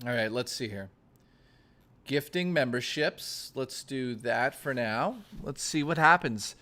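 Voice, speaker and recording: A man's voice: medium pitch, animated, slow pace, sharp tone. Foul-mouthed streamer man riffing with chat. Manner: profane, joking, reading chat aloud. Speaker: streamer host. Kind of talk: casual livestream chat.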